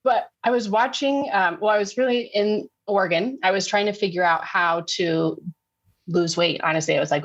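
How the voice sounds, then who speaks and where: A woman, a sugar detox coach, telling lively stories in a casual podcast interview and acting out what people said. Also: mid-range voice, moderate pace, highs cut off. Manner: animated storytelling, acts out quotes.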